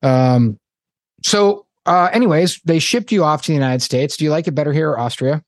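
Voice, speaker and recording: A man's voice: a little high, brisk, dry recording. A man hosting an interview podcast, talking casually with joking, self-mocking asides. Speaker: podcast host.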